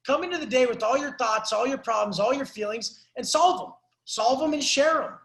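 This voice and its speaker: A man's voice: extremely high pitch, fairly quick, gravelly, fairly bright tone, echoey room, rough recording. A man coaching a client on a call, ranting in an intense, profane, preachy motivational way. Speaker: life coach.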